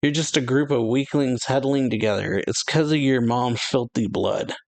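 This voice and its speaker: A man's voice: medium pitch, normal speed, gravelly, lightly acted. A man reading as a cocky bully giant prince. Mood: taunting.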